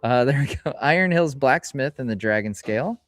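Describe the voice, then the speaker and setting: A middle-aged man hosts a casual live stream, chatting in a rambling way and reading card names aloud slowly. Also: medium pitch, expressive, fairly bright tone, dry recording. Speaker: streamer host. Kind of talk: casual live-stream chat while opening card packs. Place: hobby store, indoors.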